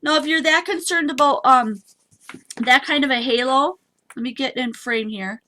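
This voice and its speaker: A woman's voice: high voice, normal speed, bright, forceful tone. A woman hosting a live papercraft stream, chatty and bubbly as she demonstrates and talks to her viewers. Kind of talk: casual craft demonstration.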